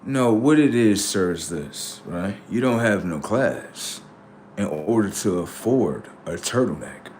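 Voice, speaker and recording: A man's voice: fairly low pitch, expressive, a little slow, darkish tone, slight background noise. A young man live-streaming, doing brash, profane, mocking banter with his chat. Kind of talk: casual live-stream commentary.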